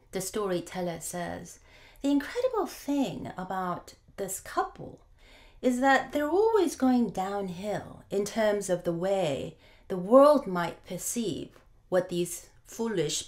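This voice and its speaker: A woman preacher telling a folk tale in a sermon, unhurried and often pausing with fillers. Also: medium pitch, a little mellow. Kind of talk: sermon storytelling.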